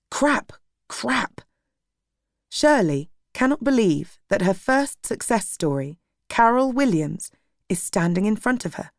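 A woman narrating an audiobook in a steady, measured way. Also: lowish voice, dry recording, studio quality.

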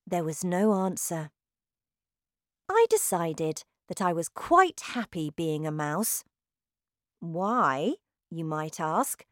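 A woman narrating a children's storybook in a slow, clearly articulated scripted reading. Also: lowish voice, sing-song, no echo, clean studio sound.

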